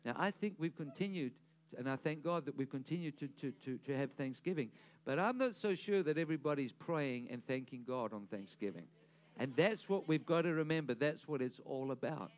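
A man's voice: on the high side, lively intonation, brisk. A man preaching a sermon to a congregation, pushing his voice up for emphasis, asking the room questions and stumbling into restarts. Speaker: pastor.

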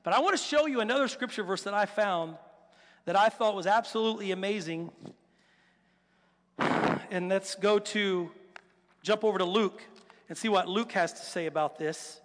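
High bright-voiced preacher in a reverberant hall. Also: male voice, normal speed, pauses often. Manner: animated storytelling, acts out quotes, rhetorical questions. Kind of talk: sermon.

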